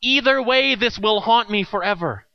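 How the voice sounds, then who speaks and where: A man's voice: high-pitched, moderate pace, creaky, lo-fi sound. A man voicing an anxious traveler on a bridge who pleads with strained, exasperated questions. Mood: torn.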